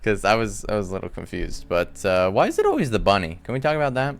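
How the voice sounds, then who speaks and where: A man hosting a casual, rambling breakdown of a TV episode from a room at home, full of animated asides. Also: on the low side, fast talker, creaky. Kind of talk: casual recap commentary.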